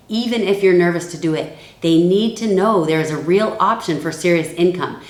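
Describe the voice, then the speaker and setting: A woman giving a calm training lesson for network marketing builders. She acts out the sales lines she uses. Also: sits low, roomy sound.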